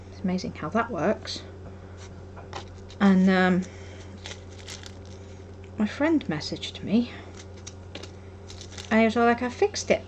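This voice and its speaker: A woman's voice: medium pitch, darkish tone, muffled recording, slight background noise. Chatty woman crafting on stream. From Wolverhampton, England. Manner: chatty, self-deprecating, rambling. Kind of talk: casual chat while crafting.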